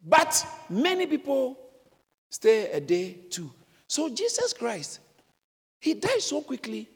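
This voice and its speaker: A man preaching a sermon in a church, explaining and exclaiming with animated emphasis. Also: extremely high pitch, takes it slowly, slightly rough, long reverb tail. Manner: animated preaching, bursts into shouts when quoting. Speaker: pastor.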